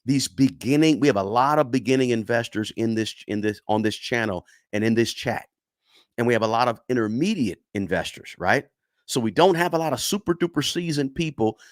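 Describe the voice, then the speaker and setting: A man's voice: mid-range voice, no echo, studio quality. A middle-aged man hosting a casual livestream lesson, repeating points for emphasis and asking "right?" constantly while answering chat. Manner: repetitive, emphatic, tags lines with "right?"; chatty and encouraging toward viewers. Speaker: livestream host teaching investing.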